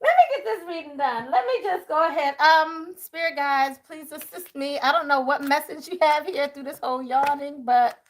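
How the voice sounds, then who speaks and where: A woman's voice: high-pitched, steady tone, moderate pace, few pauses. A woman doing a live tarot reading, chatting casually and talking to her viewers as y'all. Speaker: tarot reader.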